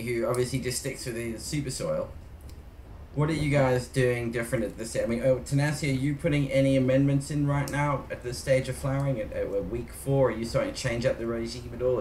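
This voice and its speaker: A man hosting an online show, relaxed and asking questions with restarts. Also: medium pitch, fairly quick, reverberant, slight background noise. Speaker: host. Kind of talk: casual online show chat.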